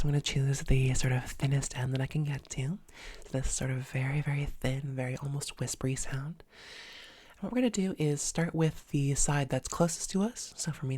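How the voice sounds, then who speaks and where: A woman voice coach giving an instructional lesson in a calm, measured way, with frequent "sort of" and "um" fillers as she explains exercises. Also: sits low, no room sound. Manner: demonstrates sounds with their own voice.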